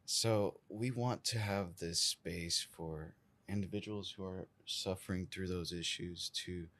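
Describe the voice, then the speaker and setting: Deep-voiced halting man. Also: fairly even intonation, a bit bright. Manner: halting, searching for words. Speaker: event organizer guest. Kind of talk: casual interview.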